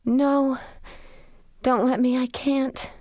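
A frightened young girl, high and trembling, her words breathless and shaky, played by a woman reading an audiobook. The voice sits far above the reader's own low tone. It is recorded close and dry, with no room sound. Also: big pitch swings, moderate pace, dry recording, natural voice. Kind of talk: audiobook character voice.

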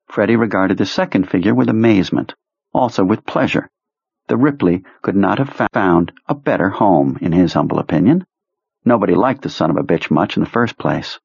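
Husky, low-voiced man narrating. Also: moderate pace, a little mellow, no room sound, dull audio. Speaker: audiobook narrator. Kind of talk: scripted narration.

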